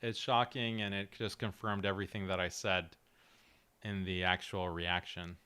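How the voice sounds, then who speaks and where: A male show host with a strained, cracking voice talks earnestly on a livestream, reading and answering chat in a direct, slightly halting way. His voice is low-pitched and flat yet bright and forceful, with a clean tone.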